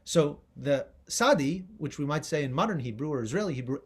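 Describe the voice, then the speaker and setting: Animated, high-voiced male lecturer. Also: fairly quick, slightly rough. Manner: animated, emphatic, rising on key words. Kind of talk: public history lecture with slides.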